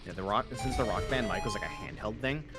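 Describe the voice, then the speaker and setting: A young man chatting quickly on a stream, sprinkling in "like" and using a light radio voice. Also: on the low side. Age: young adult. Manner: fast talker, many "like" fillers, light radio voice. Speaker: podcast co-host, guest streamer. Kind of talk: casual chat on a stream. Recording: music playing behind.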